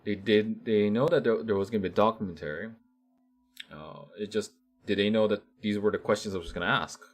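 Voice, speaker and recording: Man, very low voice, casual rant, rambling, lots of restarts. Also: brisk, faint music behind. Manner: animated, rambling, many restarts and fillers. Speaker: vlogger. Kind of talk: casual ranting commentary.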